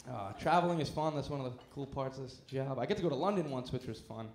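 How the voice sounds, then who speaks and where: Brash stand-up comedian in an echoey club. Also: male voice, mid-range voice, fast talker, darkish tone. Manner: brash, punchy storytelling. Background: audience laughter.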